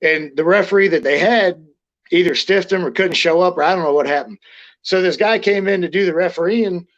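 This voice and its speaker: A man's voice: high-pitched, fairly quick. A middle-aged man, a former wrestler, telling stories in a casual interview, blunt and profane, rambling with restarts. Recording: lo-fi muffled audio.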